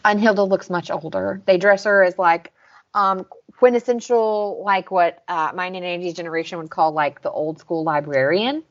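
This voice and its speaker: A woman's voice: fairly low pitch, moderate pace, lo-fi sound. A young woman from the American South co-hosting a podcast, chatting casually and recapping scenes with lots of "like" and "um". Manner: chatty, recaps scenes and acts out quotes with laughs. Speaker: podcast co-host.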